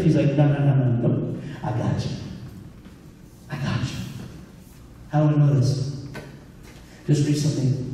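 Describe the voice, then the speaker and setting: A man's voice: on the high side, mellow, recorded from a distance. A man pastor preaching a sermon in a conversational way, acting out his own prayers to God. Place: church hall. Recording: echoey hall recorded from afar.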